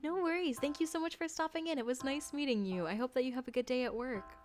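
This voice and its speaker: A woman's voice: high-pitched, quick pace. Giggly woman streamer with music behind. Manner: chatty, giggly, greets viewers warmly. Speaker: streamer reading chat's scary stories. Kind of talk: casual live-stream chat.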